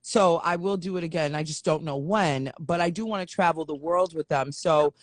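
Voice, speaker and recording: A woman's voice: deep voice, moderate pace, no echo, studio quality. A young woman hosting a casual interview, reacting eagerly to her guest's stories. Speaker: host.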